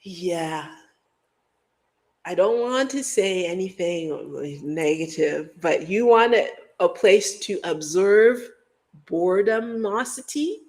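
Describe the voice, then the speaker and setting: A woman's voice: on the low side, animated, takes it slowly, darkish tone. A middle-aged woman from Guyana hosting a livestream, rambling in casual chat and breaking into hummed beats and mock voices. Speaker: livestream host.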